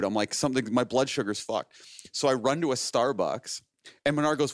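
Speaking a little fast at medium pitch, this man in his late thirties rambles through a long story on his podcast, laughing a lot and putting on voices for the people he quotes. The sound is clean studio audio without echo.

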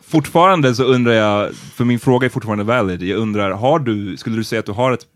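A man's voice: lowish voice, quick pace, a bit bright, no room sound, clean studio sound. A man co-hosting a podcast in casual chat, teasing his co-host and mixing Swedish with English.

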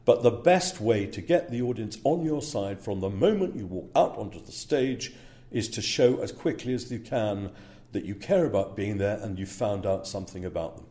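A man's voice: fairly low pitch, animated, normal speed, dark tone. A man working as a speaker agent, talking casually in an interview and checking in with "yeah?" between fillers.

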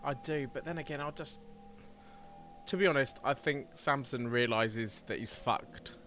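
A man's voice: mid-range voice, measured pace, a bit bright, soft background music. A man playing in a tabletop role-playing game, casual and profane, talking with some menace in character. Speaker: player.

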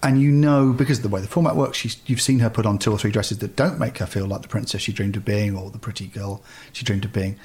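A man's voice: on the low side, steady tone, quick pace, hardly any pauses, a little mellow. A man hosting a podcast, chatting casually and reflectively. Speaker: podcast host. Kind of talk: casual chat.

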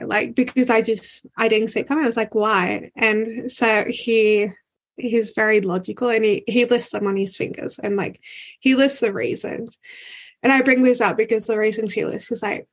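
Young woman with a gravelly edge. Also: on the high side, moderate pace. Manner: frank, heavy use of filler "like", casual swearing. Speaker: podcast guest. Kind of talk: candid conversational storytelling.

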